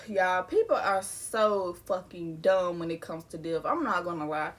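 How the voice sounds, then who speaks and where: This young woman's voice is fairly low, animated and unhurried as she recounts a personal storytime for her vlog. Talking to her viewers as y'all, she stays candid and relaxed, occasionally laughing through the grief.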